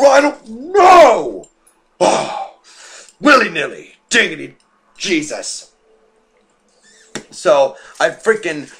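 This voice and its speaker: A teenage boy vents at his camera in a loose, rambling rant full of swearing and fillers. His voice sits high. It has a bright, edgy tone. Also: vocal fry, slightly rough. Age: teens. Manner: rambling, profane, restless, with frequent fillers. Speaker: vlogger.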